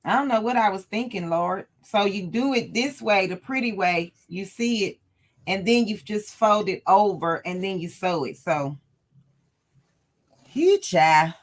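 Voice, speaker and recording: Slow-talking chatty woman sewing host. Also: medium pitch. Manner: chatty, talks to her live chat, laughs often. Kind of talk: casual livestream sewing lesson.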